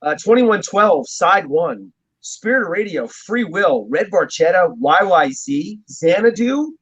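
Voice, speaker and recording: A slightly rough, somewhat bright, high-pitched voice with lively intonation and a slightly slow pace belongs to a New Jersey drummer telling rambling stories as an interview guest. He chuckles often, and the lo-fi recording sounds dull and muffled.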